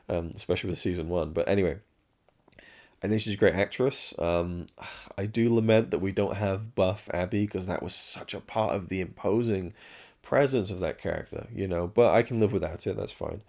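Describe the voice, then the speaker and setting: A man with a very low, gravelly voice talks through a show review in a loose, rambling way. He swears freely and keeps restarting his sentences, frank and casual throughout. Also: darkish tone.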